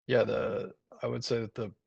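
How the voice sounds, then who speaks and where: A man talking over a video call with a gravelly, husky voice. He rambles loosely and restarts often, and the muffled call audio sounds dry and a little dull. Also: mid-range voice, little pitch movement, moderate pace, darkish tone, dry recording. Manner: rambling, many fillers and restarts. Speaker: guest, jiu-jitsu brown belt.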